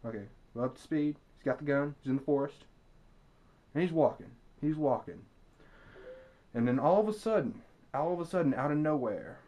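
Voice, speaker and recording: A young man ranting to his camera, telling a story with profanity and sarcasm, and breaking into loud mock screams. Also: medium pitch. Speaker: vlogger. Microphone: camera mic.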